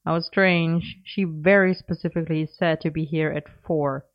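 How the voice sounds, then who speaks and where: A woman's voice: deep voice, steady tone, unhurried. Woman doing a cheeky young wizard. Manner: bright, insistent, playfully bossy. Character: cheeky young male wizard, teasing and excitable. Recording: dull lo-fi recording.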